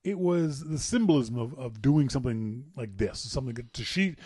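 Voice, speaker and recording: A man's voice: medium pitch, moderate pace, slightly rough, dry recording, studio quality. A man co-hosting a podcast, telling stories in a playful, laughing way. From Canada. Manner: animated, playful storyteller who laughs at his own tales. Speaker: podcast co-host. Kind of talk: casual storytelling chat.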